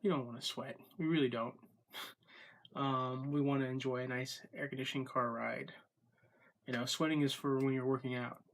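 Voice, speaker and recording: A man hosting his daily vlog in a casual, rambling way, with many ums and self-corrections, and the hiccups. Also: medium pitch. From Florida. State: has the hiccups. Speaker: vlogger.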